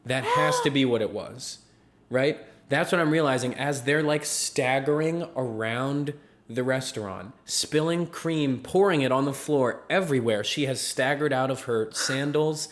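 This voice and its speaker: A man's voice: medium pitch, a little slow, slight background noise. A man co-hosting a podcast, telling a story in casual chat and acting out the people in it with bursts of laughter. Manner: animated storyteller, acts out quotes with laughs. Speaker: podcast co-host.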